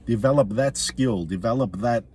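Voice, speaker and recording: A man's voice: mid-range voice, moderate pace, a little mellow, slightly rough. A man, a comedian ranting bluntly and swearing often, repeating his points for emphasis. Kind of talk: profane comic rant.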